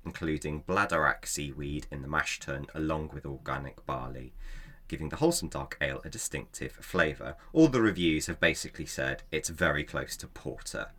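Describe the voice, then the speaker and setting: A man's voice: very deep voice, fairly quick, sharp tone. A man co-hosting a casual podcast, chatting and reading folklore notes aloud with frequent laughs. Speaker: podcast co-host.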